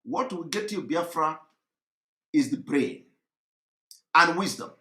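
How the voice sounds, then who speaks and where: A man giving impassioned political commentary, fervent and repetitive, often breaking into shouts. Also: a little high, expressive, takes it slowly. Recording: echoey room.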